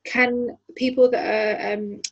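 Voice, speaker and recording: A giggly woman plays her character at the table and keeps apologizing as she goes. Her voice sits a little high and comes out slightly husky. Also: little pitch movement, slow, lo-fi sound. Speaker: player. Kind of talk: casual tabletop role-play.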